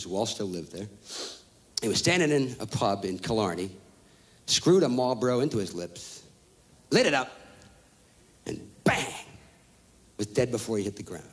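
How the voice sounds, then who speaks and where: Performing stand-up on a live stage, a man in his thirties tells a profane story in a brash, rapid-fire style, shouting his punchlines. His voice is on the low side.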